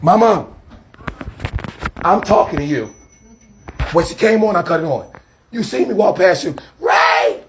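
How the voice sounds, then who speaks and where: A man's voice: sits high, animated, moderate pace, long pauses, a little hiss or hum. A man, a street preacher, arguing on a phone camera in an agitated, rambling, defensive way and pleading with older women. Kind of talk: heated confrontation filmed on camera.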